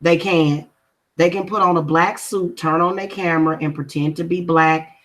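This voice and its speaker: A woman's voice: fairly low pitch, steady tone, moderate pace. Emphatic woman spiritual vlogger. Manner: emphatic, confrontational, repeats points for stress. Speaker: spiritual practitioner and reader. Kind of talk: casual livestream talk to viewers.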